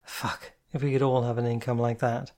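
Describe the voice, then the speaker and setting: Reader plays weary motherly woman, low-key, blunt and sweary. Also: flat delivery, normal speed, darkish tone, lightly acted. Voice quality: sighing, blunt. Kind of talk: audiobook character voice.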